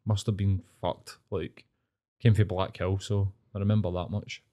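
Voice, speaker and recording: A Glaswegian man co-hosts a podcast, chatting casually and telling animated, swear-filled stories. His voice is low-pitched and his pace moderate.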